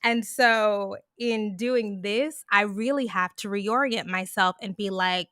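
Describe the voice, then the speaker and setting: A young woman chatting loudly on a live stream, projecting like a trained stage performer. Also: mid-range voice, slow, hardly any pauses, dry recording, studio quality. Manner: loud, projecting theater voice, lively and chatty. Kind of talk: casual live stream chat.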